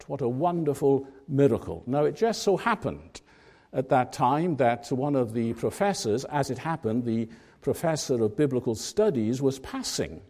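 A man preaching a sermon, telling a story in a measured way and stressing key words with emphasis. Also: medium pitch, very animated, dark tone.

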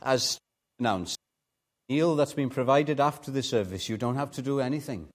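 A man preaching a sermon in church with fervent emphasis, swinging from soft asides to loud, emphatic peaks. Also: mid-range voice, moderate pace. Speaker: pastor.

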